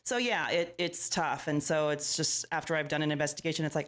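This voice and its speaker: Woman guest, low voice, animated storyteller who acts out quotes. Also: fairly quick. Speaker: paranormal investigator guest. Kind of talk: casual interview storytelling.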